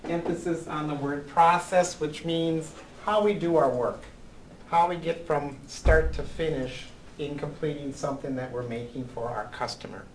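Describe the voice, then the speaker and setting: A man's voice: a little high, normal speed, a little hiss or hum, poor audio. A man teaching a college class, lecturing with frequent ums and "right?" checks. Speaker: college accounting instructor.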